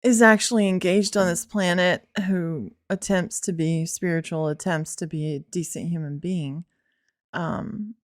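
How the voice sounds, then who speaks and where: A woman's voice: lowish voice, steady tone, a little slow. A woman co-hosting a podcast in casual chat, earnest and opinionated, swearing freely. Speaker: podcast co-host.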